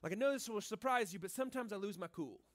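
High-pitched male pastor, casual and earnest sermon in a church, conversational with lots of "like". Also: lively intonation, fast, a bit bright. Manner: casual and earnest, filling speech with "like" and "right?".

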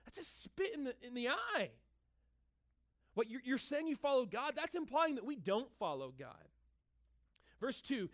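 A male pastor preaching a sermon in a lively, conversational, joking manner, in a room with an audience. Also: very high voice, moderate pace. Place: room with cameras and a listening crowd.

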